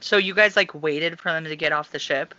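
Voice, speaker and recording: A young woman tells everyday stories on a casual podcast, swearing freely and throwing herself into every detail. Her voice is bright and sits a little low. The recording sounds dull and lo-fi. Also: a little fast. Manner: profane, animated storytelling. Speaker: podcast co-host. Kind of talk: casual chat.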